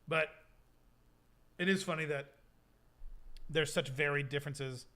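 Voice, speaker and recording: Guy chatting with his stream, kinda high bright voice, rambles a lot with "like". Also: measured pace. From United States. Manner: rambling, lots of "like" fillers. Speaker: streamer reading chat. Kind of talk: casual stream chat.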